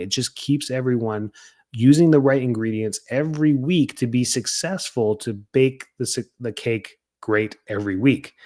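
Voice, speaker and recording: An energetic man talks casually as a coach for practice owners. His voice sits at an ordinary middle pitch, and he slips into little acted-out bits of what people might say. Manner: energetic and chatty, acts out quoted lines. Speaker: podcast host coaching chiropractors.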